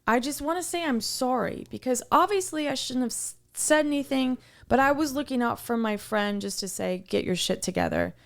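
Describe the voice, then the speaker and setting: This fairly high-pitched woman's voice carries vocal fry as she, a podcast co-host, tells a story from work. She talks casually and heatedly, curses a lot, and keeps the retelling animated.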